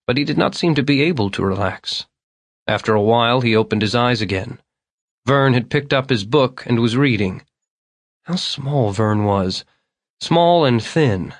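A man narrating an audiobook in a steady, measured reading voice. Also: mid-range voice, dry recording, clean studio sound.

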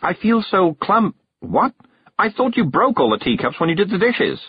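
A man's voice: sits high, very animated, moderate pace, breathy edge, dry recording, pitched above the performer's own voice, heavily acted. A man voicing a frail, fussy, polite older woman in an audiobook, quavering and genteel. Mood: indignant. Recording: dull, dry narration recording.

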